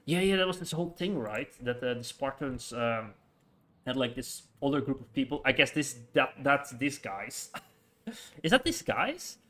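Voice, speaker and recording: Guy streaming a city builder from home, bright voice, rambles and laughs a lot. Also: medium pitch, sing-song, moderate pace. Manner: rambling, hesitant, full of fillers and frequent laughs. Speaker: game streamer. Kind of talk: casual live-stream chat while playing.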